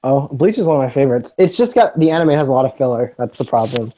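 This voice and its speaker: A young man in casual chat, opinionated and quick to rant, laughing as he goes. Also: medium pitch, animated, noisy background.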